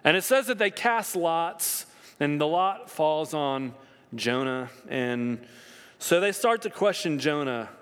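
A man preaching a sermon as pastor, telling the story with lively swings in his voice. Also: a little high, takes it slowly, smooth. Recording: long reverb of a hall.

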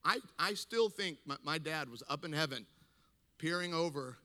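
A man speaking to a men's gathering, telling a funny story in an animated way, laughing and acting out voices. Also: fairly high pitch, normal speed, big-room sound. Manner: animated, acts out quoted voices, laughs often. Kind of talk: humorous storytelling talk.

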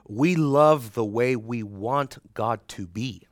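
A man leads a church classroom lesson, part lecture and part banter, teasing students and laughing along with them. His voice sits at an ordinary middle pitch. The sound is dry and close. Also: takes it slowly, hardly any pauses, dry recording. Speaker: Bible class teacher.

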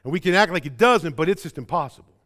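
A man with a Chicago-area accent preaching a sermon, swinging between loud emphatic bursts and quiet low passages, often repeating words as he presses a point. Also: fast. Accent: Chicago-area American. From American Midwest. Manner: stumbles and repeats words when excited. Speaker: pastor.

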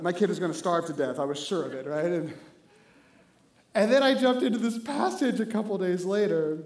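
A man's voice: sits high, roomy sound. A man in his thirties preaching a sermon, telling a story with jokes and acting out the dialogue. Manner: animated, acts out dialogue, jokes with the congregation. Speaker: pastor.

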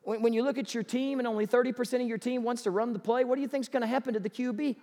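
A man preaching a sermon as pastor, animated and acting out excited sports fans. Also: very high voice, racing, few pauses. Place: church sanctuary. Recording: long church reverb.

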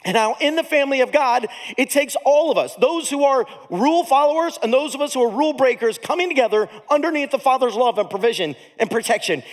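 Animated high-voiced pastor in a reverberant hall. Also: male voice. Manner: animated, comic storytelling with big swings in volume. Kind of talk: storytelling sermon.

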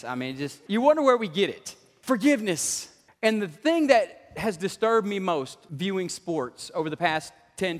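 High-voiced man preaching, hall echo. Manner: animated, joking, laughs often. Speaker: pastor. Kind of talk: sermon. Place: church sanctuary. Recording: long church hall reverb.

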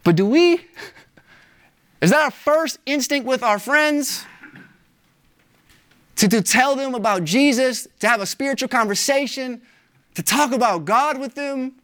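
A pastor preaches with lively, emphatic energy. The talk stays casual and slangy, and the pitch swings up high to stress key words. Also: unhurried, long pauses. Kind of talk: sermon.

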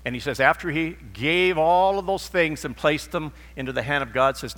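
A man's voice: fairly high pitch, moderate pace, a bit bright. A middle-aged man preaching a sermon in a church, telling stories and acting out the dialogue in them. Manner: storytelling, acts out dialogue in quotes. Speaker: pastor. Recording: long reverb of a large hall.

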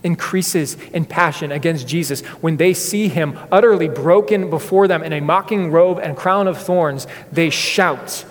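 A male pastor preaches with earnest, dramatic storytelling, his voice sitting somewhat high for a man. He is recorded in a church sanctuary, and a long hall reverb trails after his words. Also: measured pace, hardly any pauses. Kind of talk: sermon.

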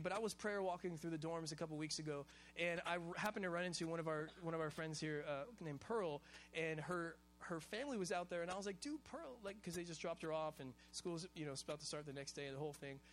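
A man from Hawaii preaching a sermon in a casual, animated, conversational way, full of slang. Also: fairly high pitch, quick pace, faint music behind. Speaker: pastor.

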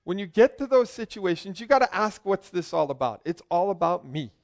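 A man preaching a lively sermon, joking with his congregation and asking them questions. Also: high-pitched, a little fast, gravelly. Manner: joking, asks the crowd questions, swings from loud calls to quiet asides.

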